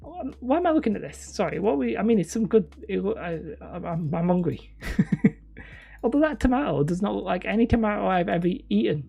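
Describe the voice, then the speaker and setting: A woman's voice: medium pitch, sing-song, a little fast, gravelly, mellow, slightly rough. A woman hosting a casual livestream, reading viewer comments in a rambling, self-deprecating way and laughing often. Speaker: livestream host.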